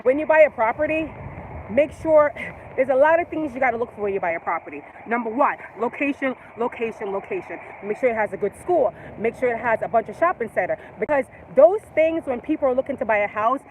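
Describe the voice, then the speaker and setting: Her voice is fairly high and fast with a darkish tone, captured on a low-quality recording. This Jamaican-accented woman in her forties rambles and laughs a lot on a live stream as she walks a residential street, traffic passing amid the street noise.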